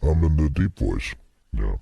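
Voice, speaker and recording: Man through an ultra-deep harmonizer. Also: sing-song, normal speed, gravelly, warm tone, breathy edge, no room sound. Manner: crude, teasing jokes. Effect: pitch-lowering harmonizer. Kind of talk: joking studio banter.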